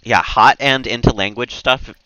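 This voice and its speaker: With a steady, sharp, medium-pitched voice at normal speed, a man from the United States streams a game and casually talks with viewers, reading their messages and often laughing. There's no room sound, and the audio is poor.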